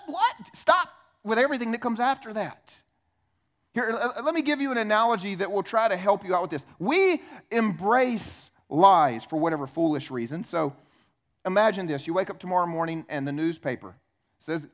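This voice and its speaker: A man preaching a sermon as pastor, animated, acting out little dialogues in changing voices. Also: high-pitched, moderate pace. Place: church.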